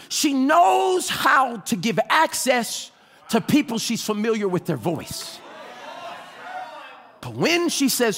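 Man, pastor, high voice, very lively pitch, fervent sermon, shouts then hushes. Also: slow pace, creaky, pauses often. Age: adult with children. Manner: fervent, swings from shouting to hushed, call and response.

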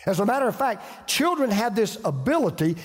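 A man's voice: high voice, very animated, fairly quick. Older Southern man preaching in a hall. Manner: folksy, storytelling, frequent restarts. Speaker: pastor. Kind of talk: sermon.

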